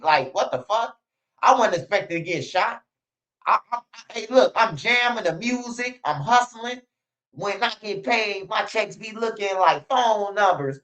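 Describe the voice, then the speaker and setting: A man, a street news blogger telling stories in a casual, animated, profane monologue, acting out other people's voices. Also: fairly high pitch.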